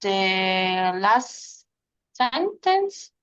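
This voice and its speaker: A woman's voice: mid-range voice, big pitch swings, very slow, a bit bright, smooth, lo-fi sound. A woman who is a Spanish-speaking student, hesitantly searching for words in English class.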